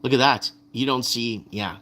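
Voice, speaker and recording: A man in the middle of his own video, working through viewer comments and news headlines one after another. His voice has a bright, forward edge. He talks to viewers in a loose, rambling way and circles back over his own words. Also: medium pitch, normal speed. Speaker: video host.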